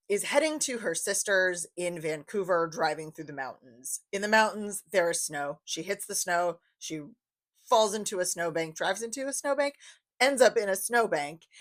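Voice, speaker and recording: A young adult woman giving a casual book review, chatty and enthusiastic, repeating phrases for emphasis. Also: mid-range voice.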